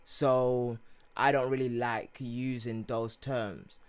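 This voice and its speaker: A man's voice: mid-range voice, little pitch movement, slow pace, smooth. A young man with an English accent, of Nigerian heritage, chatting casually as a podcast co-host and rambling with many fillers. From Nigeria (Yoruba heritage). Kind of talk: casual chat.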